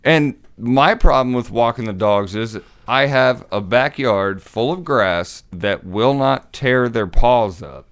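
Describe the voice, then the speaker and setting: A man's voice: medium pitch, takes it slowly, few pauses, a bit bright, clean tone. A man co-hosting a podcast, crude and mock-exasperated, swearing often in casual chat. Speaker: podcast co-host.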